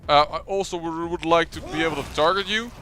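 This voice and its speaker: Faint game music and background noise sit under this let's play, where a man with a voice on the high side talks fairly quickly with fairly even intonation. He chats through his gameplay with dry, self-deprecating humor.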